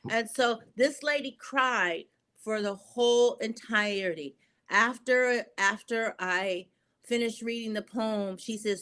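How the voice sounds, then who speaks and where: A woman guest, a poet and filmmaker, recounting personal stories in an interview with earnest emotion and halting fillers. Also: fairly high pitch, fairly bright tone, smooth. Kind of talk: storytelling interview talk.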